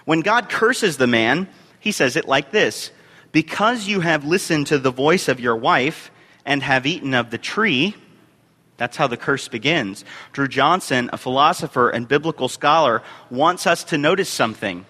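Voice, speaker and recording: A man preaching a sermon as a youth and family minister, reading scripture in measured phrases with emphatic rises. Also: fairly high pitch, animated, sharp tone. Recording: long hall reverb.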